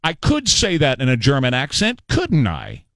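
A man's voice: mid-range voice, wildly swooping pitch, moderate pace, fairly bright tone, no echo. A man hosting a talk radio show, delivering an emphatic, sarcastic political monologue with rhetorical questions.

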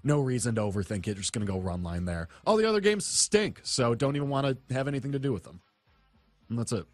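A man's voice: medium pitch, sing-song, quick pace, no echo, soft background music. A man gives his betting pick bluntly and matter-of-factly. The recording is dry and close. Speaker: sports betting show co-host. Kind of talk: casual chat.

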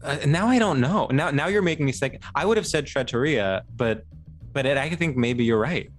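A man co-hosting a comedy podcast, animated and giggly, trailing off into fillers. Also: mid-range voice, moderate pace, faint music behind. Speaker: podcast co-host. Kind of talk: casual comedic chat.

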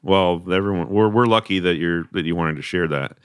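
A man with a very deep voice hosts a casual interview, recorded dry and close. He keeps agreeing eagerly and fills his talk with likes and ums. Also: clear, resonant tone, no echo. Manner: eager, quick to agree, many fillers. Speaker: podcast host.

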